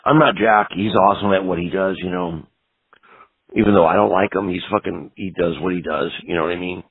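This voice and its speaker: A man's voice: sits low, steady tone, fairly quick, breathy edge, dry recording. A middle-aged man telling rambling, profane road stories as an interview guest. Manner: rambling, profane, lots of "you know". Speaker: punk guitarist interview guest. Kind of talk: casual storytelling interview. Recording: tinny phone-like audio.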